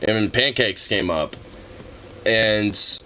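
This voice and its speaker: A man's voice: on the low side, drawn-out words, pushed and bright, a little hiss or hum. A young man hosting a livestream, chatting casually in a rambling, profane way and laughing often. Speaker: livestream host. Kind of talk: casual stream chat.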